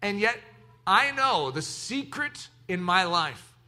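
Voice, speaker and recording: A middle-aged man preaching to his congregation with a strikingly sharp, bright voice. He is animated and lively, dropping to near-conversational asides before rising into shouted exclamations. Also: high voice, slow. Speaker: pastor. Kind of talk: sermon.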